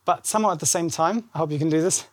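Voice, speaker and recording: A man with a high voice preaching a warm, conversational sermon. He talks animatedly and acts out the scripture dialogue. The sound is close and dry, with no room echo. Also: racing. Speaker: pastor. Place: church service.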